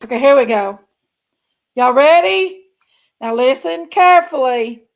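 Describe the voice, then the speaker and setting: As the host of a true crime channel, she offers casual livestream commentary directly to her viewers, often drifting off mid-thought and repeating herself. Her high-pitched voice is animated yet unhurried.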